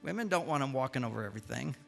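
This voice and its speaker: An older man giving a humorous lecture to a live audience, an animated storyteller who acts out the lines he quotes. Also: medium pitch, very fast, gravelly. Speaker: speaker giving a talk.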